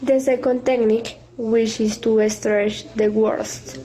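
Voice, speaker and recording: A woman student presenting a class video, speaking carefully in halting English. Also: on the high side, flat delivery, mellow, low-quality recording.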